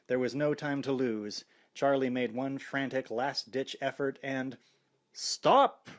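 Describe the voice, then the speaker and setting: A man narrating a horror novel audiobook in a wry, expressive way. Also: medium pitch.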